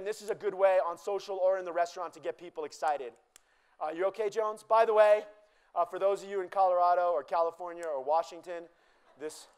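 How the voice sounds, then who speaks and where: A man's voice: high-pitched, clean tone. A man giving a live cooking demonstration to an audience, joking and teasing the crowd in a chatty way.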